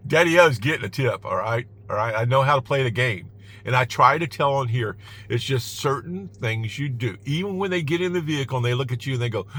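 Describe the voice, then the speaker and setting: A man's voice: medium pitch, animated, brisk, fairly bright tone. A man giving casual advice in his car, emphatic and chuckling, repeating "all right?" to drive his points home.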